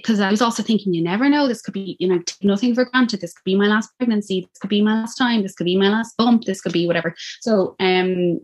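Fast-talking Irish woman. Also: medium pitch. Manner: animated, acts out quoted lines. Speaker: guest telling her birth story. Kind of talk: casual personal storytelling.

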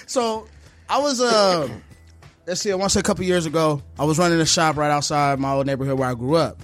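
A barber telling a story in casual chat, animated, acting out the people in it, slangy and profane. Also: male voice, on the high side, moderate pace, soft background music. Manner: animated, acts out voices in his story; slangy, profane street talk.

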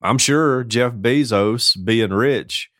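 A podcast co-host spins joking, animated stories about life as a foster parent in a casual chat. His mid-range voice moves slowly, recorded in studio quality with no echo.

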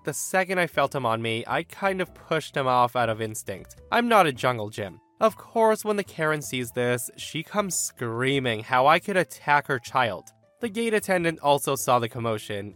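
Animated male story reader. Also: mid-range voice. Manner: expressive, animated reading. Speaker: story narrator. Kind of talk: reading a first-person online story aloud.

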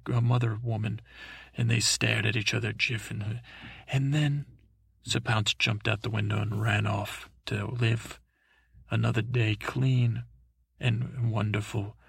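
A comedic storyteller with a gravelly, lowish, fairly bright voice improvises a rambling tale in character as a dim, timid boy prince. His tone stays level, and he halts constantly, restarting and mixing up names. The recording is clean studio sound with no echo.

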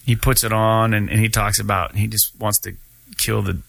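A man's voice: lowish voice, flat delivery, normal speed, gravelly, a bit bright, dry recording. A man hosting a casual gaming news podcast, talking loosely with lots of swearing and filler words. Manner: profane, rambling, lots of fillers. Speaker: podcast host.

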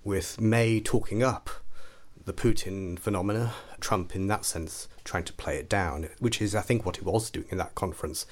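A man's voice: sits low, normal speed. A man speaking in a formal, academic way as a commentator on a panel. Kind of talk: panel discussion.

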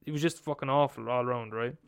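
A man's voice: medium pitch, steady tone, quick pace, creaky, clean tone, soft background music. A young man retelling a story in a casual, profane way, acting out quotes as he goes. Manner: profane, swears freely, acts out quotes.

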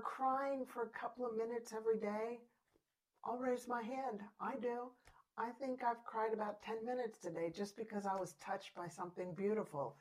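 A woman's voice: medium pitch, rough recording. A woman co-hosting a chatty show, encouraging her listeners and often breaking into laughter. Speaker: podcast co-host. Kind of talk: casual chat.

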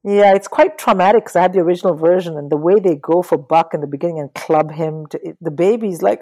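A middle-aged woman talking casually about books in an interview, animated and swearing freely. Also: on the low side, quick pace, hardly any pauses, low-quality recording. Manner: animated, swears, mimics people in quotes. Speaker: guest.

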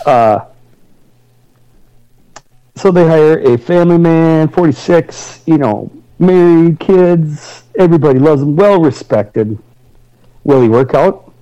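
Male podcast co-host, mellow dark tone, sarcastic and animated, casual sports banter. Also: a little high, takes it slowly, pauses often, dull audio.

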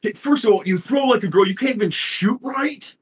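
A man's voice: high voice, a little fast, slightly rough, voice pushed up. A man voicing a grumpy, sarcastic male troll guard with a whiny, petulant manner. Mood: grumpy, sulky.

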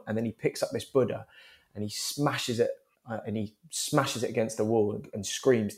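A man's voice: mid-range voice, normal speed, a little mellow. A man, a stage actor, talking in an interview with enthusiastic, rambling energy and frequent laughs. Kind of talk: interview talk.

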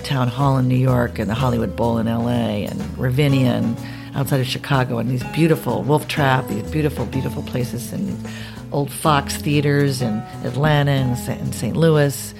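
A woman telling a long anecdote as a podcast guest, acting out the people in it with quick changes of voice. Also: a bass voice, vocal fry, over music. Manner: animated, acts out the voices in her stories. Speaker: guest performer.

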